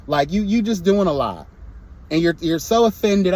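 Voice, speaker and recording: Sassy young man ranting, lively high voice. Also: normal speed. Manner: sassy, blunt, theatrical mocking impressions. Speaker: reality show reviewer. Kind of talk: casual vlog rant.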